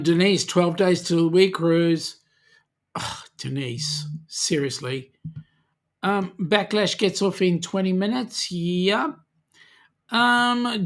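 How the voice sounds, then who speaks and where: With an Australian accent and a high, a bit bright voice, a livestream host reads out comments from viewers. His manner is chatty and hesitant, full of ums, and he teases people good-naturedly.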